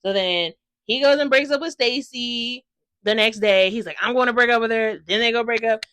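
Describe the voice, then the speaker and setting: A young woman reviews a book in a loose, gushing ramble, full of "like" and casual swearing. Her voice is bright and forward, and she sounds a little tired. It is recorded dry and close, with no room sound. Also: a little high, moderate pace, no echo. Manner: gushing, rambling, excitable, swears freely, lots of "like". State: tired from no sleep.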